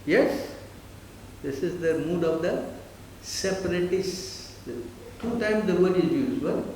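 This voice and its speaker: A man's voice: on the high side, moderate pace, warm tone. Man preaching and quizzing the listeners. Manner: quizzing the audience with repeated "Understand?" and "Huh?"; mimics others in brief put-on voices. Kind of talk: sermon. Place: temple hall. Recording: roomy hall with faint hiss.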